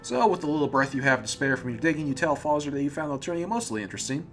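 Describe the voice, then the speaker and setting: A man's voice: fairly high pitch, animated, very fast, fairly bright tone, soft background music. Amused man reading a game aloud. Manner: amused, often laughing and stumbling over words. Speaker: let's play host. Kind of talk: reading a visual novel aloud with commentary.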